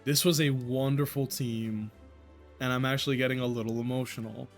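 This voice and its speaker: Male streamer, excitable and jokey, mid-pitched voice, faint game music behind. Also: fairly quick. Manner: joking, excitable, laughs often, swears, talks to chat. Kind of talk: live gameplay commentary.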